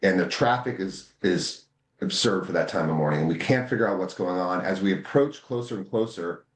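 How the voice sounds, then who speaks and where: A low-voiced American man, a voting rights advocate, speaks fairly quickly as a guest in a political interview. He's impassioned and repeats words when he gets heated, and the recording is reverberant.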